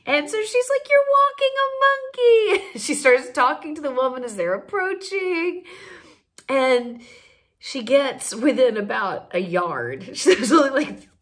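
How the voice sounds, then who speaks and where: A high-voiced woman tells a funny story in a relaxed, chatty way. Her pitch swoops up and down with lively expression, and she keeps breaking into giggles as she talks. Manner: giggly, laughs through the telling, animated. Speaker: storyteller host. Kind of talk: casual anecdote telling.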